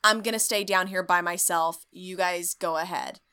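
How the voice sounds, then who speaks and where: A woman imitating a self-serious male ghost-hunter host in a mock-solemn, deadpan tone, close to her own voice. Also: lowish voice, normal speed, clean tone.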